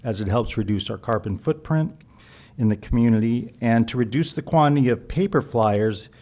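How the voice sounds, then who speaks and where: A man with a mid-range pitch addresses a city council from the podium. He is formal and steady, filling his pauses with frequent uhs and ums as he announces a community event. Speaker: community event organizer giving public comment. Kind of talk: prepared announcement at a council meeting.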